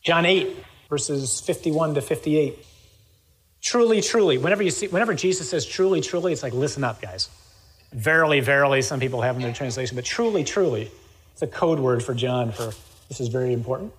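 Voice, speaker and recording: A man preaching a sermon, reading scripture aloud and breaking off into lively, emphatic asides. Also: mid-range voice, fairly quick, long reverb tail, poor audio. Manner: lively, quoting scripture with sudden loud asides.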